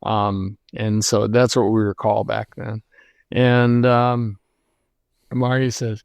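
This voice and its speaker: A man's voice: on the low side, little pitch movement, vocal fry, darkish tone, clear, resonant tone, no room sound, dull audio. Older man in his seventies reminiscing. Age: 70s. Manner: reflective, unhurried, with frequent "uh" and restarts. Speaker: lighting designer guest. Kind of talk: conversational interview storytelling.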